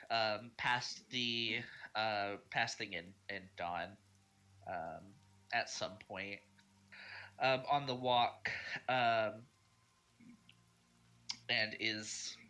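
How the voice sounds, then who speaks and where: A man's voice: mid-range voice, sharp tone. A man narrating as game master over online voice chat, hesitant and full of ums and uhs.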